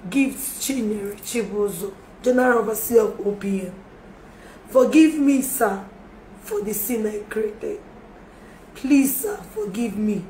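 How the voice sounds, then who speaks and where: Recorded on a phone in an echoey room with faint background noise, a woman livestreamer makes an emotional public apology. Her voice is a little high and mellow, and she pleads, apologizing and asking for forgiveness again and again.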